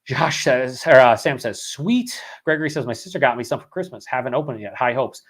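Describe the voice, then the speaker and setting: Hours into a live beer vlog, a young host sounds worn as he rambles, swears a lot, and reads out chat comments. His mid-range voice is fairly bright with lively intonation, and he talks fairly quickly with few pauses.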